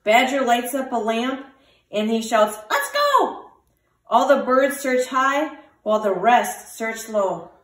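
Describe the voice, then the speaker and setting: A woman teacher reading a picture book aloud to children, with lively voices for the animals. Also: fairly high pitch, unhurried, far from the mic. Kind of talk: storybook read-aloud for children. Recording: roomy, from the mic.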